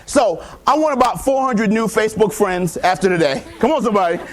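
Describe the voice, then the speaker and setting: A man in his thirties from Tampa, Florida, giving a high-energy keynote to students and pumping up the crowd with call-and-response. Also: expressive, fairly quick, a little hiss or hum. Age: 30s. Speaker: motivational speaker. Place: large lecture hall with live audience.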